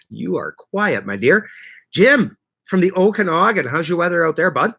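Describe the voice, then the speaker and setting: A man hosting a relaxed livestream chat, his voice bright and forward. He rambles in an easygoing way, chuckles often and calls out viewers by name. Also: on the high side, moderate pace. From Canada. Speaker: livestream host.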